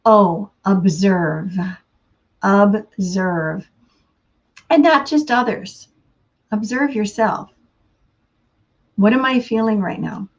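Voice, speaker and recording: A woman giving a casual inspirational talk, unhurried and laughing often between thoughts. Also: a little high, animated, dull audio. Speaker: motivational speaker.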